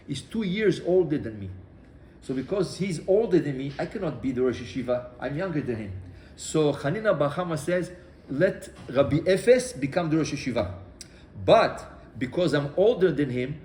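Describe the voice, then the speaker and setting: A man gives a Torah class, slipping into the voices of the people in his story with lively restarts. His voice sits a little high for a man. The room is echoey, with a faint hum of ambience behind him. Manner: animated storyteller acting out dialogue, many restarts. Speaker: rabbi.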